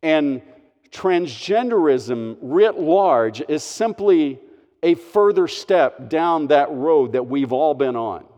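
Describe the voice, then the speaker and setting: A man's voice: on the high side, expressive, takes it slowly, darkish tone, in a large hall. A man preaching a sermon as a pastor, earnest and emphatic, stressing his phrases.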